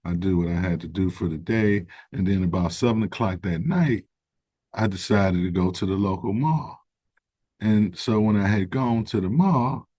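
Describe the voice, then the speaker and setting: A man, a guest who founded a recovery organization, speaks in an interview in an earnest, reflective way. He tells stories conversationally, with fillers, and gets more animated when he stresses a point. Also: low-pitched, no echo. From United States. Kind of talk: interview storytelling.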